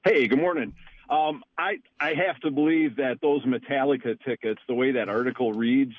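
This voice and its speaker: A man's voice: mid-range voice, normal speed, dry recording. A man calling in to a radio show, talking in a rambling, hedging way. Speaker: caller. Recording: phone line.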